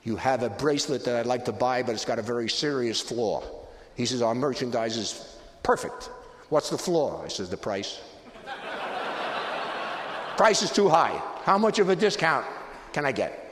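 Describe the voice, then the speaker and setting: A man's voice: mid-range voice, animated, moderate pace. An older man giving a live presentation on negotiation, telling humorous anecdotes with wry punchlines. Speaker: guest speaker on negotiation. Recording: hall reverb with faint background noise.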